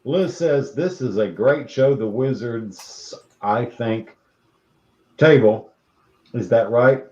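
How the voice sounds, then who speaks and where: A man's voice: mid-range voice, slow pace, a little mellow. A man hosting a casual podcast chat, sassy and campy, swearing freely and reading out viewer comments. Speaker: podcast host. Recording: roomy, dull lo-fi audio.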